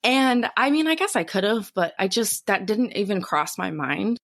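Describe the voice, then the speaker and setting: A young adult woman co-hosting a podcast, telling a story in a casual, animated way and swearing freely. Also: mid-range voice, moderate pace, creaky. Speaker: podcast co-host. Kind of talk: casual chat.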